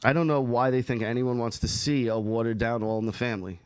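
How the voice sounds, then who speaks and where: A man's voice: medium pitch, fairly even intonation, fast talker, smooth, no room sound. A man hosting a casual podcast chat, talking in a profane, emphatic, rambling way. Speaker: podcast host.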